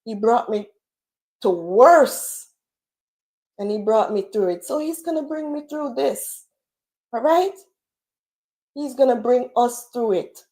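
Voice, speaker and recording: Woman livestream host, tearful and preaching, warm and slow. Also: fairly high pitch, animated. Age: adult with children. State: crying at times. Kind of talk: emotional livestream talk.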